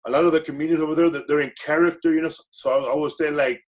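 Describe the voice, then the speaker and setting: A guest comedian with a voice on the high side talks very fast with fairly even intonation. His storytelling is casual and rambling, full of self-corrections and Spanish phrases.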